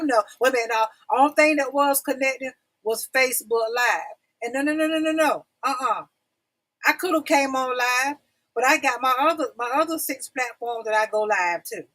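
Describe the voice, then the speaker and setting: A woman's voice: fairly high pitch, pushed and bright, rough recording. A middle-aged woman hosting a casual livestream talk show, chatty and repetitive, talking straight to her viewers. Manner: chatty, repeats phrases, calls audience y'all.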